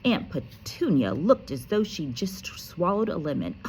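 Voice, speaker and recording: A woman teacher reading a children's book aloud with lively expression and casual, chatty asides. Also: on the low side, unhurried, hardly any pauses, husky. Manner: animated, casual, self-correcting.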